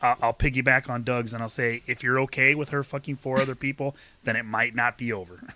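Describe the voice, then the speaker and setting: A man's voice: medium pitch, little pitch movement, fairly quick, bright, forceful tone. A man co-hosting a podcast, playful and teasing, laughing often in casual chat. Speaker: podcast co-host.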